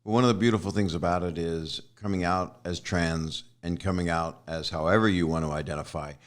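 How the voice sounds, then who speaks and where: Male host, low voice, eager, keeps cutting in with questions. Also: fairly even intonation, brisk. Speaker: podcast host. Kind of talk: casual interview chat.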